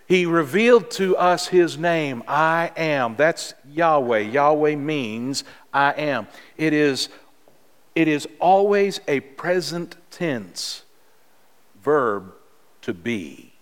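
A man preaching a sermon as pastor, in a measured, earnest way with emphatic pauses. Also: on the high side, expressive. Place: church sanctuary. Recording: long reverb of a large hall.

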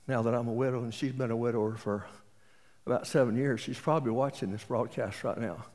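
In a reverberant auditorium, a man in his late seventies with an East Texas accent preaches a sermon full of folksy stories and jokes. His voice is mid-range and a little mellow.

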